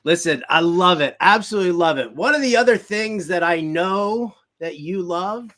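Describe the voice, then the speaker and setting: High-voiced playful male host. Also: expressive, moderate pace, a bit bright. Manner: playful, teasing, game-show style quizzing. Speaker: sports talk show host. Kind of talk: casual sports talk.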